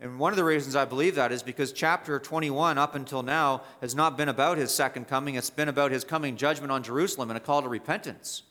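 A man's voice: mid-range voice, fast talker, hardly any pauses, pushed and bright. A male pastor preaching an expository sermon, emphatic and repetitive, rising sharply to stress key points.

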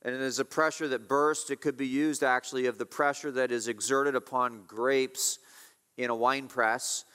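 A man preaching an expository sermon, emphatic, repeating key phrases and swinging between loud and hushed. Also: medium pitch, fairly even intonation, moderate pace, clear, resonant tone. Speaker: pastor. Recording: reverberant hall.

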